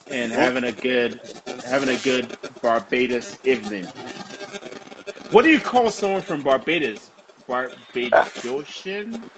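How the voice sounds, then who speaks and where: A man hosting a casual interview, upbeat and quick to laugh. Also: mid-range voice, fairly bright tone, a little hiss or hum, poor audio. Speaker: host.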